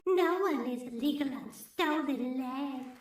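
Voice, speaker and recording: A woman's voice: sits high, slow pace. A woman playing a silly, smitten young activist woman in a comedy sketch, speaking in a dreamy, swooning way.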